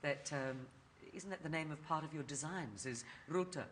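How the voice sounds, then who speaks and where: A woman interviewing two guests, asking gentle questions and affirming their stories. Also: low-pitched, moderate pace, a little hiss or hum.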